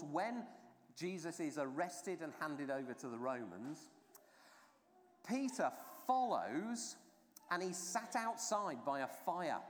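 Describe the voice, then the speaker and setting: A preacher giving an informal, chatty baptism sermon, telling the story with many asides and fillers. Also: mid-range voice. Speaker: clergy trainer preaching at a baptism. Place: church during a baptism service. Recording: long church reverb.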